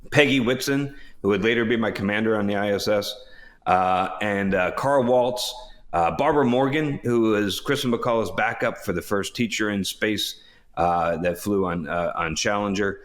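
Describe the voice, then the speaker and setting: A man's voice: lowish voice, normal speed. A man in his fifties co-hosting a podcast, telling rambling, self-correcting anecdotes in a casual chat with chuckles along the way. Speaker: podcast co-host.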